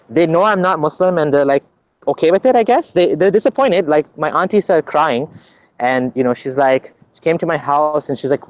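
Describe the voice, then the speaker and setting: A man's voice: fairly high pitch, animated, fairly quick, highs cut off. A man being interviewed as a guest, explaining at length in an earnest, conversational way, often restarting his sentences.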